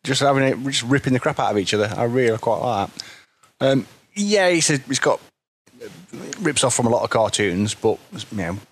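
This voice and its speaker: A man's voice: medium pitch, expressive, brisk, slightly rough. A man, co-hosting a podcast, laid-back and rambling. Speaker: podcast co-host. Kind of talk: casual chat.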